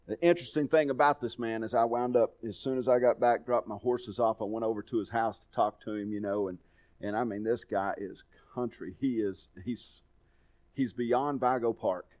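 A man's voice: mid-range voice, darkish tone. A middle-aged man preaching a sermon, telling folksy personal stories in a conversational way. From Texas. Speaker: pastor.

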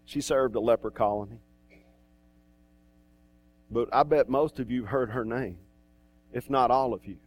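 A man's voice: mid-range voice, a little slow, long pauses. A male pastor preaching a sermon in a church, in a conversational way with asides and restarts.

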